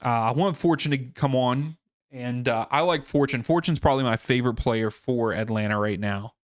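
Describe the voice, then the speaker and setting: A man's voice: medium pitch, moderate pace, no room sound, clean studio sound. A man hosting a live soccer watchalong stream, chatting casually and thinking aloud with fillers and restarts. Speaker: livestream watchalong host.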